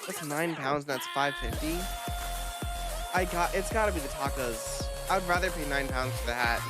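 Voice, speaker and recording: A vtuber streamer in casual live chat, rambling from one quick reaction to the next and swearing freely. The voice sits at a middle pitch, and music plays clearly underneath. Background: background music.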